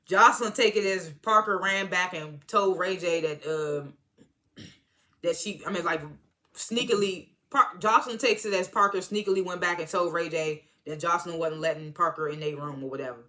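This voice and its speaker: A woman's voice: fairly low pitch, moderate pace. A woman giving a casual, slangy recap of a TV show, talking animatedly and often breaking into laughter. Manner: animated, slangy, swings into loud excited retellings; frequent laughs and filler words. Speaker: TV show reviewer.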